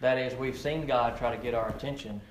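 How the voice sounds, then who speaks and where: A man preaching a sermon, earnest, often repeating words as he builds to emphatic, rising peaks and then drops low. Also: fairly even intonation, fairly quick. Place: outdoor or open church setting with frog croaking nearby. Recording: echoey room with faint ambient noise.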